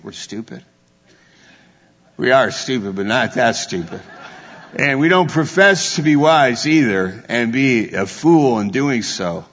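A man's voice: mid-range voice, vocal fry, a bit bright, husky. A man preaching a sermon, asking the listeners question after question and building to fervent exclamations. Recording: echoey hall, dull lo-fi sound.

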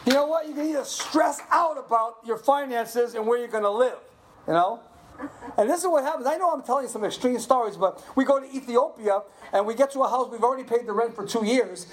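Animated man in his seventies preaching. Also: very high voice, brisk, slight background noise. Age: 70s. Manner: animated storytelling, asks "Are you with me?". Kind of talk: sermon with personal stories. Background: audience responding.

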